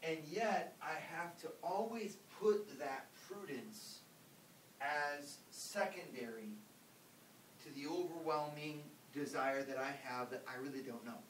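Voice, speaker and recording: Priest lecturing in an echoey room. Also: male voice, unhurried, fairly bright tone. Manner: conversational, emphatic, acts out examples. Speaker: Catholic priest teaching ethics. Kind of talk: informal lecture. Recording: roomy, distant mic, faint rumble.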